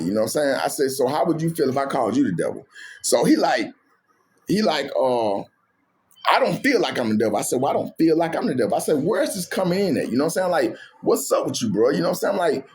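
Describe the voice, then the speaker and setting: Animated man telling a story. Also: a little high. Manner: animated retelling, acts out both sides of arguments. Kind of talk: casual storytelling.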